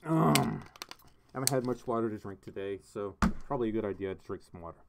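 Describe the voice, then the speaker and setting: A man's voice: fairly low pitch, lively intonation, fast talker, gravelly, heavy background noise. A man hosting a casual livestream, chatting with viewers, thanking donors and laughing often. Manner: chatty, giggly, reading donations and chat aloud. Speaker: livestream host. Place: home studio.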